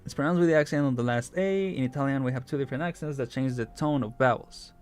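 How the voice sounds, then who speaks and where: A man's voice: mid-range voice, fast, darkish tone, clear, resonant tone, faint music behind. A male VTuber streamer chatting casually and curiously as he reads a game story, laughing often. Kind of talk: casual livestream commentary while reading a game.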